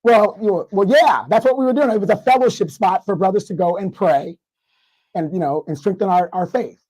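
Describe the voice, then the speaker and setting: A man with a congested, hoarse voice, guesting on a livestream discussion and ranting in mock outrage. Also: high voice, fairly quick, darkish tone, rough recording. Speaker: guest commentator.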